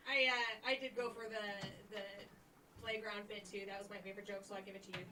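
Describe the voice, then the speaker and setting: A woman's voice: mid-range voice, steady tone, fast, slight background noise. A woman judging a roast battle who scolds the crowd in a brash, profane way. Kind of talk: comedy panel judging. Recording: distant mic, loud crowd.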